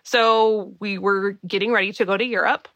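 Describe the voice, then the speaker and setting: Woman, podcast host, from the US, bright tone, dry close sound, chatty storytelling. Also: mid-range voice, fairly even intonation, moderate pace, no echo, dull audio. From United States. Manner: chatty, laughing, self-deprecating asides. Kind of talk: casual storytelling monologue.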